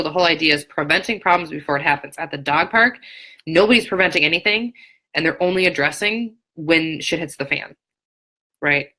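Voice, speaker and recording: Frank, chatty woman, low and bright. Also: poor audio. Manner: frank, chatty, many fillers and restarts. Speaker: dog trainer. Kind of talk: live Q&A chat. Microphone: phone or webcam on a live stream.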